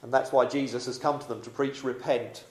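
A man's voice: mid-range voice, level tone, quick pace. A man preaching a sermon in a dramatic, emphatic yet conversational way. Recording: echoey room.

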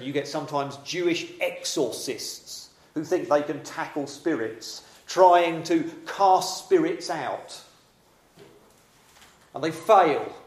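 A man preaching a sermon in a dramatic, emphatic yet conversational way. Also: on the high side. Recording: echoey room.

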